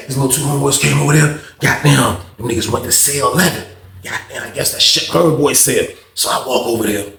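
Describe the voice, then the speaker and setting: A man's voice: medium pitch, a little fast, gravelly, echoey room. A man telling a story from his time in prison in a casual storytime monologue, acting out the quoted lines in a raised voice and swearing freely. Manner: animated, acts out quotes in a raised voice, heavy profanity. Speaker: storyteller recounting prison life.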